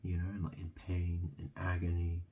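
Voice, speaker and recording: A man's voice: low voice, completely flat delivery, moderate pace, dark tone. A man from England delivering a rambling solo monologue, ranting and mocking, swearing freely.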